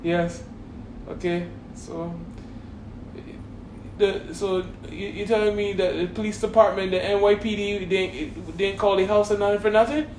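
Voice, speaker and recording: A man's voice: high voice, steady tone, measured pace, darkish tone, a little hiss or hum, voice pushed down. A man voicing an angry middle-aged mother with a broom, interrogating and then screaming, in a roomy echoing room. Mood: suspicious.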